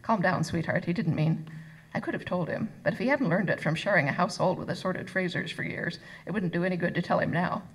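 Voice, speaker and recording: A woman author reading her novel aloud at a live event, expressive and voicing each character. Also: on the low side, fast, hardly any pauses, husky, low-quality recording. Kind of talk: live first-person book reading. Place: arts center reading event.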